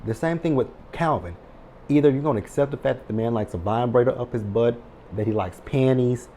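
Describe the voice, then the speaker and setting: A man's voice: medium pitch, brisk, dark tone, slight background noise. A man giving a casual, chatty recap of a TV episode to his viewers, reading out the scenes and adding exasperated asides. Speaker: TV recap host.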